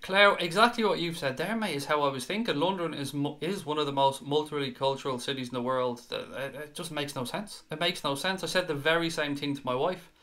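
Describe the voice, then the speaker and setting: A man's voice: a little high, brisk, few pauses, sharp tone. A man with an Irish accent hosting a live fan chat stream, reading out viewer comments in an earnest, chatty way and repeating words when he gets worked up. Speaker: fan show host.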